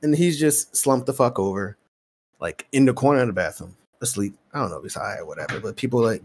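A man's voice: fairly low pitch, fast talker. A man hosting a podcast, telling a long story in casual chat, swearing freely and acting out both sides of conversations. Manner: profane, animated storyteller acting out exchanges. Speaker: podcast host.

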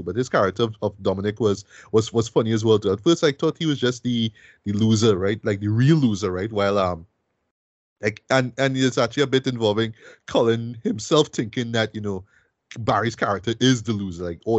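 A man's voice: medium pitch, a little fast, dry recording, lo-fi sound. A man hosting a film review podcast, talking eagerly and tagging lines with "right?" and "boy". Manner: enthusiastic, many fillers like "right?" and "boy". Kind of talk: casual film review chat.

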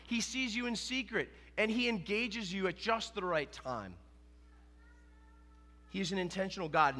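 A middle-aged pastor with a high, bright, forceful voice, preaching earnestly and stressing his points through repetition. His voice carries a long reverb, as if he stands in a large church sanctuary. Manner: earnest, emphatic preaching with repeated phrases. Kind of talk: sermon.

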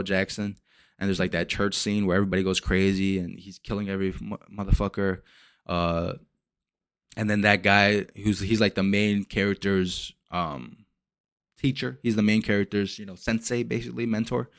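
A young man hosting a solo podcast, rambling and swearing as he retells movie scenes with lively energy. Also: fairly low pitch, normal speed, dry recording. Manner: rambling, profane, animated retellings. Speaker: podcast host. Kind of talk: casual solo podcast rant.

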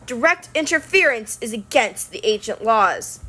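A woman's voice: fairly high pitch, animated, normal speed, bright, forceful tone, slightly rough, full character voice. A woman voicing a vengeful male manticore monster in a storybook reading, growling and wailing threats. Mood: menacing.

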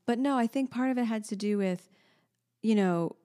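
A voice teacher in her thirties co-hosts a casual podcast chat, speaking at normal speed in a fairly high voice. She tells stories with animation and acts out the voice of her toddler daughter.

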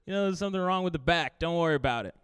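A man's voice: on the high side, racing, smooth, no room sound. Young male comic telling a story. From Brooklyn, New York. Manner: lively, playful, quotes himself and friends. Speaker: storyteller, comedian. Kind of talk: live comedic storytelling.

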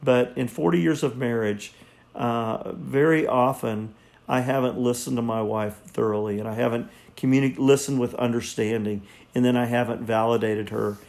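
Older male counselor in his sixties, earnest, halting, slightly gravelly, mid-pitched. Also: steady tone, a little mellow. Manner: earnest, halting, repeats words. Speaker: marriage counselor. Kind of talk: reflective teaching monologue.

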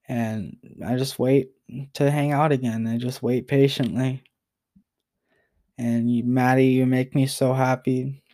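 Young man, personal vlog, emotional and halting, flat monotone, loose and rambling delivery. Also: mid-range voice. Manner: rambling, halting, repeats himself and apologizes. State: emotional, near tears.

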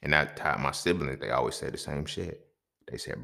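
A man hosting a podcast tells a story in a casual, profane monologue that swings between loud outbursts and quiet asides. He has a gravelly bass voice and speaks at a moderate pace.

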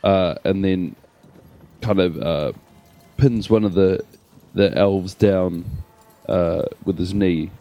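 A man describing his character's actions in a tabletop game, relaxed and halting. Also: sits low, faint music behind. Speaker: player. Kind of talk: casual tabletop game play.

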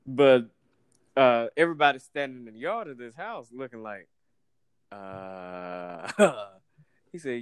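A man's voice: medium pitch, slow pace, pauses often, clear, resonant tone, no echo. A man, casually telling a story, acting out the people in it and laughing often. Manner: animated, acts out voices in anecdotes, laughs often.

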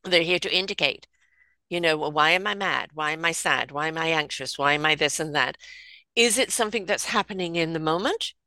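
A woman's voice: sits low, fairly quick, bright, forceful tone, no room sound. A woman in casual conversation, talking in a reflective way and often acting out inner voices. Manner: reflective, uses pastry metaphors and acted inner voices.

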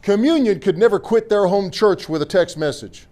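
A middle-aged man preaching a sermon as pastor in a church, animated and joking with the congregation between scripture readings. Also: high voice, moderate pace. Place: church sanctuary.

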